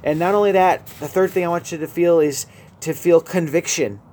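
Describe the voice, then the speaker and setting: A male radio preacher with a slightly higher voice delivers an earnest sermon. He speaks straight into a studio microphone and swells to emphatic peaks. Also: fairly even intonation, brisk, darkish tone.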